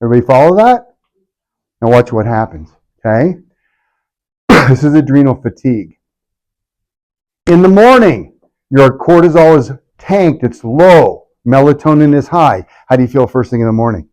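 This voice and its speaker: A man giving a lively health workshop to a live audience, asking the room questions and acting out patients' complaints in a jokey way. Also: mid-range voice, normal speed, pauses often, rough recording. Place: clinic event room.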